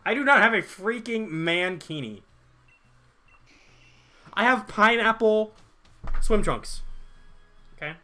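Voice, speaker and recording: A man's voice: high-pitched, expressive, slow, long pauses, sharp tone, soft background music. A young man streaming a game, chatting casually and jokingly with his viewers while reading their chat aloud.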